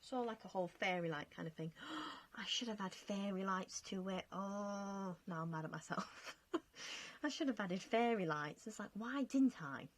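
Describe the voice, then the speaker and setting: A young woman talks casually over her game footage in a mid-pitched voice. She is chatty and self-mocking, laughing at herself as she goes. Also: moderate pace. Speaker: game vlogger. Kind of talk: casual commentary over gameplay.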